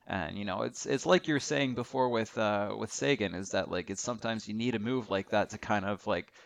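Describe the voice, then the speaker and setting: A young man in a casual hockey chat, explaining plays in a relaxed way and restarting his sentences often. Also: on the low side, a little fast, creaky. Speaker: podcast co-host.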